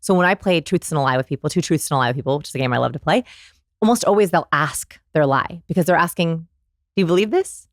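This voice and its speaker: Lively middle-aged woman, low voice. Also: fast talker, dry recording, clean studio sound. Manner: energetic, demonstrates vocal inflections. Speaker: guest, people expert. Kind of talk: animated interview talk.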